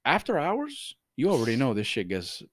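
A male podcast host telling stories with lots of swearing, his pitch swinging widely. The room sound is dry and close. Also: moderate pace, no room sound. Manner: animated, profane, laughing storyteller. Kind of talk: casual storytelling chat.

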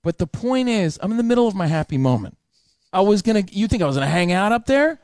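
Man, high voice, very lively pitch, heated profane storytelling, dry close sound. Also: quick pace, clear, resonant tone, dry recording. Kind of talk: casual podcast chat.

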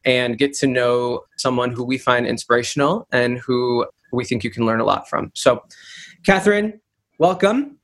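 A man co-hosting a podcast, reading a welcoming scripted intro and introducing a guest. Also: mid-range voice. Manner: warm, welcoming, inviting. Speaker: podcast co-host.

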